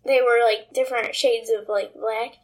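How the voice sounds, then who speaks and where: A woman's voice: a little high, fairly even intonation. A woman co-hosting a podcast, chatting casually and hesitantly with lots of fillers. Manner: slow, hesitant, many fillers. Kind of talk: casual chat.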